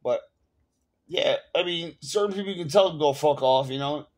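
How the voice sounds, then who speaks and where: New York vlogger, rambling profane rant, a bit high-pitched. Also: male voice, normal speed, a little mellow. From Bronx, New York. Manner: profane, rambling, full of fillers. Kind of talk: casual rant to camera. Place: at home.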